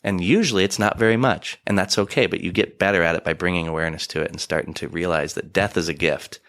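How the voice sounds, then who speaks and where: A man's voice: low voice, quick pace. A man in his forties, a podcast guest, talking earnestly and reflectively, acting out little asides as he tells stories. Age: 40s. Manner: earnest, animated storytelling with acted-out asides. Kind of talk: reflective conversational talk. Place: studio, in person.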